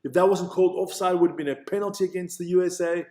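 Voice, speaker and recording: Racing along in a high-pitched voice, a man from Switzerland provides chatty, excited live play-by-play for a stream from an echoey room. He trips over player names and reads out what the chat says.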